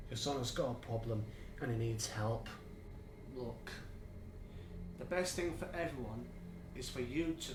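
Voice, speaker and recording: A man voicing a quiet, guilt-ridden father who defends his son in a home-made drama. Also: roomy sound, far from the mic, noisy background, natural voice. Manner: low, subdued, pleading.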